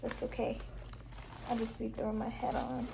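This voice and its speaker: A woman's voice: fairly high pitch, level tone, normal speed, creaky, background noise. A pregnant woman in her twenties chatting casually to her viewers at home, speaking straight to camera. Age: 20s. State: heavily pregnant. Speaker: vlogger. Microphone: on-camera mic.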